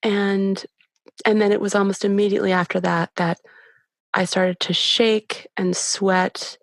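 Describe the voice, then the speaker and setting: A woman's voice: medium pitch, little pitch movement, dry recording, studio quality. Candid woman retelling a birth story. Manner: candid, halting, full of restarts. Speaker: podcast guest. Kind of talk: personal storytelling.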